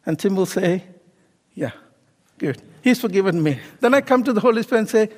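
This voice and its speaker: A man's voice: sits high, fairly quick, a little mellow, big-room sound. A middle-aged man preaching a sermon in a conversational way, often asking the congregation questions and adding "okay?" and "you know". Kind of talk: sermon with personal story.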